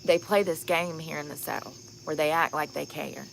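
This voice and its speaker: Her voice is low, steady, and gravelly at a normal speed as this tired, sunburnt woman vlogs outdoors at night. She tells stories bluntly and candidly, laughing often, with slight background noise behind her.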